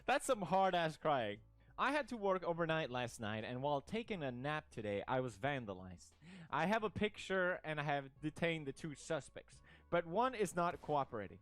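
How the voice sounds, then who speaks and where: A man's voice: fairly high pitch, sing-song, normal speed, a bit bright. A young man from Sweden, streaming casual commentary in a jokey, mock-outraged way and laughing often.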